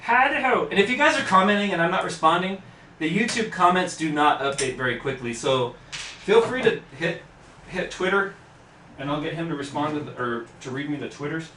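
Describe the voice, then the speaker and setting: A man hosting a live stream, chatting and joking in a relaxed way as he works on a computer. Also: on the high side, brisk. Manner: relaxed, joking, talks while working on a PC. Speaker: tech YouTuber host. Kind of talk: casual live stream chat while working. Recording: echoey room, distant mic, background noise.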